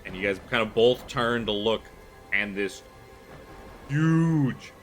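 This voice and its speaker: A man's voice: on the low side, fairly even intonation, moderate pace, fairly bright tone, soft background music. A man running a tabletop horror game, narrating loosely with lots of "like" and fillers. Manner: loose, filler-heavy storytelling with frequent "like". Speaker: game master.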